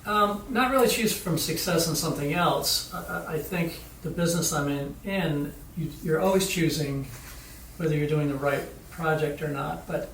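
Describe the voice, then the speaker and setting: A man's voice: on the high side, normal speed, fairly bright tone. A man, a film director, answering interview questions hesitantly with many ums and restarts. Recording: echoey room, distant mic, faint noise.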